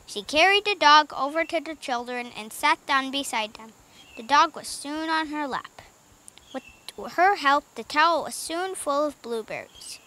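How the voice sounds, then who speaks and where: Bright-voiced woman reading a children's book. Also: sits high, a little slow. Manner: expressive, lively narration with small slips. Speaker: audiobook reader. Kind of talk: children's book read-aloud.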